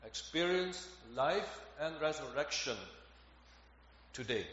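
A man's voice: fairly high pitch, expressive, slow, a bit bright. A man preaching a sermon, earnest and growing emphatic on key phrases. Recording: echoey hall, dull lo-fi, faint noise.

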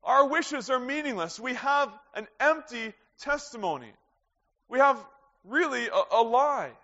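High-voiced male preacher in reverberant hall. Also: expressive, unhurried, bright, forceful tone. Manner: earnest, asks the congregation rhetorical questions. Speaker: pastor. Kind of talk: sermon. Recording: dull lo-fi sound with long hall reverb.

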